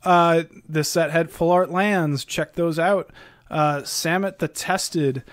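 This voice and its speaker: A man with a somewhat high voice co-hosts a podcast, reading out names with frequent "uh"s and joking between them. The sound is close and dry, with no room echo. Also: steady tone, slow pace. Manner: reads lists with many fillers, wisecracks. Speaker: podcast co-host. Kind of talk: casual chat.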